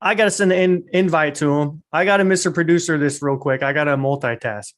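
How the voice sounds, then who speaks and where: A man's voice: a little high, quick pace, fairly bright tone. A man hosting a podcast in a casual, hyped, slangy way. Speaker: podcast host. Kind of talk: casual chat.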